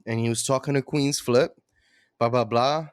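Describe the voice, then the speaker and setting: A man's voice: medium pitch, fairly even intonation, normal speed, smooth, no room sound, studio quality. A man co-hosting a podcast, telling a long story in a loose, casual way with plenty of swearing. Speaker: podcast co-host. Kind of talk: casual chat.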